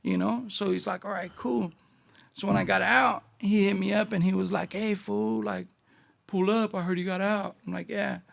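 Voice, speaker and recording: A middle-aged guest from Northeast Los Angeles tells stories in a casual interview, packing them with street slang and acting out the dialogue with animation. His high-ish voice is raspy with vocal fry throughout, and he talks at a normal speed.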